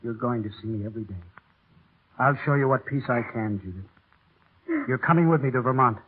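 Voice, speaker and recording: An actor playing a calm, devoted doctor in a 1930s radio drama, soft and soothing. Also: male voice, mid-range voice, normal speed, breathy edge, natural voice. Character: calm, gentle male doctor, devoted lover. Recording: thin, phone-like old radio broadcast.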